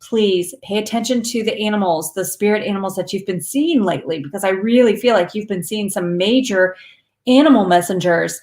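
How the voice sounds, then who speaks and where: A woman's voice: medium pitch, a little fast, darkish tone, echoey room. A woman hosting a spiritual live stream, chatting with viewers in an earnest, rambling way and laughing often.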